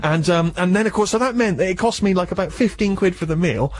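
A man hosting a radio show, telling a comic story in an animated, self-mocking way that jumps up into indignant squeaks. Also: fast talker, few pauses, no room sound. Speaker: radio host.

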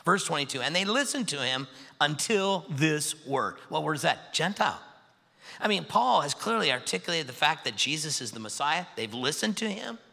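Male pastor, sermon, animated, acts out quotes, gravelly bright voice, long church hall reverb. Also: a little high, moderate pace. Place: large church sanctuary.

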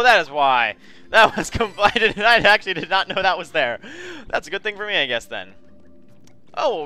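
A man's voice: a little high, sharp tone. A man giving chatty video game commentary, often calling viewers his friends and apologizing for what he says. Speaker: let's play host.

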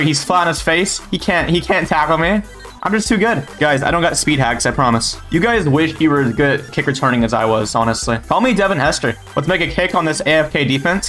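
A man's voice: fairly high pitch, pushed and bright. A young man giving live commentary on his own football gameplay, bragging and joking as he trash-talks. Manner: boastful, joking trash talk. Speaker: gaming YouTuber.

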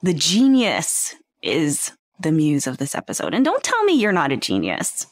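A woman's voice: sits low, huge pitch swings, normal speed, dry recording, studio quality. A woman hosting a podcast, talking earnestly in a conversational way and posing rhetorical questions to the listener. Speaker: podcast host. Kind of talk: reflective podcast monologue.

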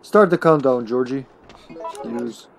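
A man's voice: medium pitch, takes it slowly, faint music behind. A man streaming a video game, joking, swearing and talking to his teammates in casual commentary.

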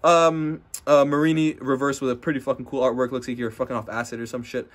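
A young man with a mid-range voice talks through a pack-opening session indoors at someone's house. His commentary is loose and profane, full of brash trash-talk, and it can jump from grumbling into loud, excited hype. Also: medium pitch, quick pace. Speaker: card-opening vlogger. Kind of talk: casual unboxing commentary.

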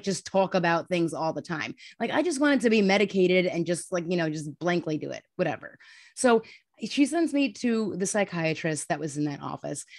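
A woman in her thirties from New York, with a New York accent, telling her story bluntly and candidly as a podcast guest, full of "like" fillers. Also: medium pitch. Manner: blunt, fast, animated, many "like" fillers.

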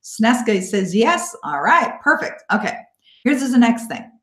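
A woman's voice: on the high side, very animated, a bit bright. Upbeat woman coaching a live webinar, echoey. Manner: encouraging, upbeat, thanks listeners by name; slow, coaxing guidance in visualization parts. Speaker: self-help coach hosting a live webinar. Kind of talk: live online coaching session. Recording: echoey room.

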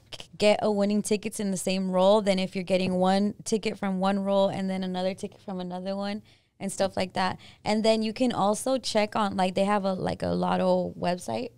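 Smooth-voiced chatty woman. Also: medium pitch, darkish tone, no echo. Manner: chatty, rambling. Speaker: podcast co-host. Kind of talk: casual chat.

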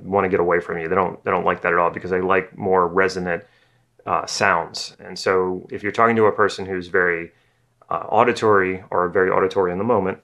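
A man teaching NLP acts out fast and slow talkers as he explains concepts in a relaxed video lesson, repeating himself while he thinks out loud. His voice is lowish, with a fairly bright tone.

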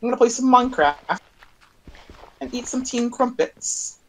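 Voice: mid-range voice, expressive, moderate pace, voice pushed up, poor audio. A gamer putting on a mocking, exaggerated British accent to caricature a posh teenage boy.

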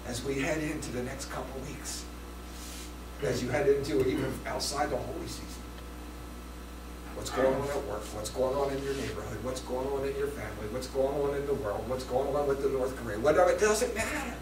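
A man preaching a sermon as pastor, swinging between loud passages and hushed ones. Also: mid-range voice, a little fast, a little hiss or hum. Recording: echoey room from a distance.

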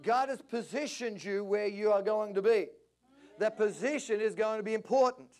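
A man preaching a passionate sermon at a church service, climbing to near-shouts. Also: high voice, normal speed. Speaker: pastor.

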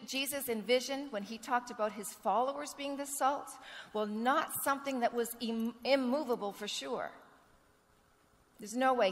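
A woman pastor preaching a sermon with earnest storytelling, clearing a rough throat now and then. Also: fairly high pitch, a bit bright. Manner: earnest storytelling, acts out quoted dialogue. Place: church sanctuary. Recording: long reverb of a church sanctuary.

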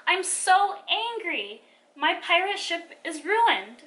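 A woman voicing an angry young boy who yells that his toy ship is ruined. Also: very high voice, big pitch swings, takes it slowly, recorded from a distance, voice pushed up, heavily acted. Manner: loud, stomping outburst.

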